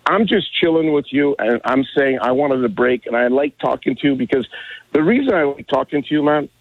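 Husky older man on a phone line. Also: medium pitch, lively intonation, no room sound. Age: 60s. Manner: rambling, halting, many restarts. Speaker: caller. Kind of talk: casual call-in chat.

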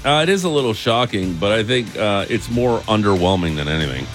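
A man's voice: lowish voice, lively intonation, brisk, over music. A man co-hosting a casual sports chat, blunt and skeptical in how he talks. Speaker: co-host.

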